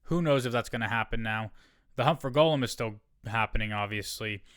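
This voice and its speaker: A man talks casually on his own podcast in a smooth, clear voice, reading an article aloud and wandering into asides. He often stops to second-guess and correct himself. The recording is close and dry. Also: medium pitch, a little fast, fairly bright tone, no echo. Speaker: solo podcast host. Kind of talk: casual solo podcast talk.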